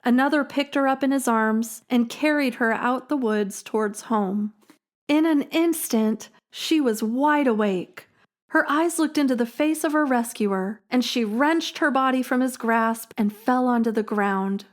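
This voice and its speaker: A woman hosting a storytelling podcast, reading a scripted story in a measured, dramatic way. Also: on the high side. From Illinois, USA. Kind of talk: scripted narration.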